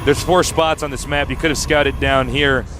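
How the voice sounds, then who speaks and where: A man's voice: medium pitch, fairly even intonation, moderate pace. Give me a joking male esports caster over a noisy feed. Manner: playful, joking, speeds up in tense moments. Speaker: esports commentator. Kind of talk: live game commentary.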